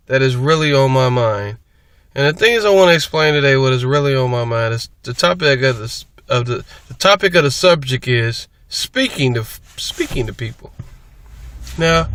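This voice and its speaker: A man's voice: medium pitch, fairly bright tone, clean tone, dry recording. A man talking casually to his viewers in a rambling, repetitive way, often restarting his sentences. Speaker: vlogger. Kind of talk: casual monologue to camera.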